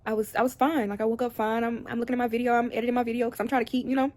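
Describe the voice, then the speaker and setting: This young woman, a vlogger, pours her heart out to viewers from indoors at home, tearful at times and rambling as she speaks directly to the camera. Her slightly high, slightly mellow voice comes out rapid-fire with little change in pitch.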